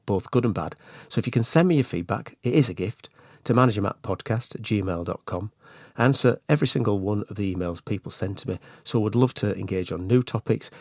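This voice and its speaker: A man talks through his solo management podcast, chatty and earnest, dropping in asides. His voice sits fairly low, and the close, dry recording puts him right at your ear. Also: dry recording. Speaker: podcast host.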